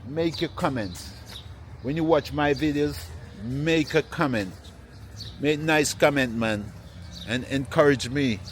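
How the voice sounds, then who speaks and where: Slow laid-back man vlogging. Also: medium pitch, a little hiss or hum. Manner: laid-back, repeats "yeah, man" often. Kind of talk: casual walking vlog to camera. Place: open-air plant nursery, outdoors.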